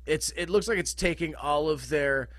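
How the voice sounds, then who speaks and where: A man talking as a guest musician in a casual podcast chat over a video call, animated and swearing freely. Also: fairly high pitch, normal speed.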